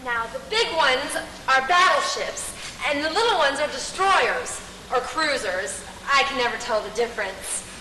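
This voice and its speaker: A teenage girl playing a cheerful, motherly young navy nurse on a school stage, speaking slowly and coaxingly with halting, simple French. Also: high-pitched, animated, sharp tone, a little hiss or hum, full character voice. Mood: gentle explaining. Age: teens. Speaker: high school stage actor. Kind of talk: stage musical acting. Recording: roomy hall, distant stage mic, music.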